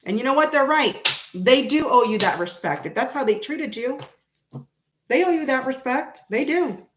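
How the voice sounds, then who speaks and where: A woman hosting a casual live tarot reading, chatty and animated, talking straight to her viewers. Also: high-pitched, moderate pace, reverberant, slight background noise, rough recording. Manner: chatty, animated, laughs often, talks to her chat. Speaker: tarot reader and live stream host.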